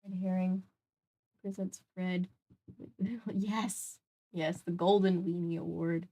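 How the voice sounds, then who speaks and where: A woman's voice: lowish voice, level tone, slow pace, dark tone. A young adult woman on a livestream, chatting with viewers and reading a children's mystery book aloud. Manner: chatty, reacts to chat, reads aloud.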